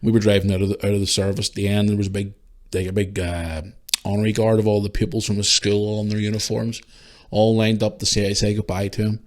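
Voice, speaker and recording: Tearful Northern Irish man, lowish voice. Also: level tone, a little mellow. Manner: tearful, emotional, swearing, halting restarts. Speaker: podcast host. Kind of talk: emotional tribute monologue.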